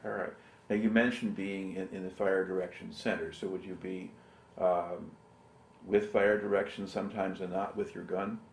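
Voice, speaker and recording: Low, gravelly man as a patient history interviewer; roomy sound. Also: normal speed, slight background noise. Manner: patient, steady questioning with short affirmations. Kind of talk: interview questions.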